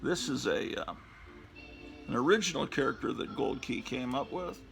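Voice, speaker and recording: A man's voice: medium pitch, animated, moderate pace, creaky, poor audio. A man in his fifties hosting a casual show-and-tell about his old comics, rambling and reminiscing with lots of fillers. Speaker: comic book collector and host. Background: background music.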